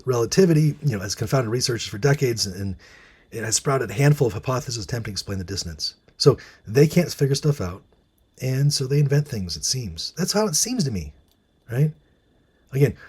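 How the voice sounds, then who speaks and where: A man's voice: mid-range voice, a little mellow, husky. A man hosting a casual monologue, musing with many fillers and restarts and reading out bits of articles. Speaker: host.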